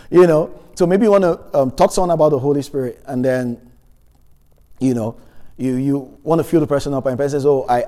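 A man's voice: mid-range voice, warm tone, in a large hall. A man preaching a sermon, reading Bible verses and asking the congregation questions with emphasis.

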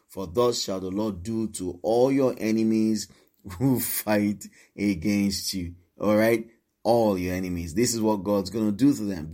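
A man's voice: lowish voice, unhurried, dark tone. A man preaching a sermon, reading scripture and emphatically repeating encouragements to his listeners. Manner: emphatic, repeats exhortations, shifts pace.

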